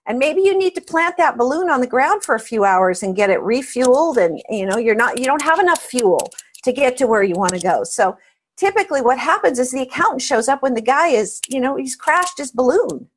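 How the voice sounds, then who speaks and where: A woman's voice: high-pitched, big pitch swings, a little fast, a little hiss or hum. A middle-aged woman answering interview questions about accounting advice, emphatic and telling stories with animation. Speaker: accounting advisory expert guest.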